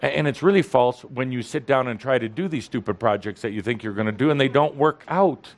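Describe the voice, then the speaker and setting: A man's voice: medium pitch, a little fast. Guy lecturing a spiritual audience, teasing and poking at them, says stuff twice for emphasis. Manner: playful, provoking, repeats for emphasis. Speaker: spiritual teacher addressing an audience. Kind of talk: teasing, lively spiritual talk.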